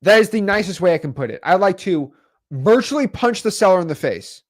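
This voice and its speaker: A man with a high voice talks a little fast as he casually teaches real estate wholesaling to the camera. He's animated and conversational, ending sentences with "okay" and "right." The studio sound is clean with no echo.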